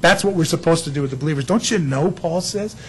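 A man preaching a sermon as pastor, lively and conversational, acting out little dialogues with God. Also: a little high, quick pace, a little hiss or hum, low-quality recording.

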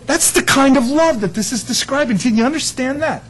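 A man's voice: extremely high pitch, brisk, a bit bright, breathy edge, poor audio. A man preaching a sermon, telling stories with laughter and acted-out quotes. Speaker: pastor.

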